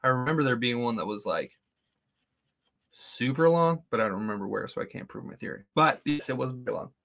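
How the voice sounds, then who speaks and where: A man co-hosting a book podcast, laid-back and quick to laugh, giving short replies, recorded in a small closet. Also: medium pitch, lively intonation, creaky, fairly bright tone. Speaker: podcast co-host. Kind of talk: casual podcast chat.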